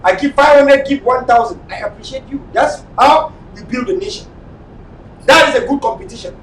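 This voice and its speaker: A man with a Cameroonian accent hosting a late-night live online talk show, speaking in an impassioned, repetitive way and sometimes shouting. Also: normal speed. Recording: echoey room, mic at a distance, faint rumble.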